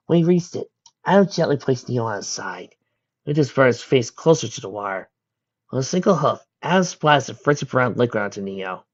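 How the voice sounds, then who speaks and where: A man reads fan fiction aloud with a husky voice and a lively rise and fall in his pitch. His reading is plain, with some slips, on a dull, lo-fi recording. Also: brisk. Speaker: audiobook reader.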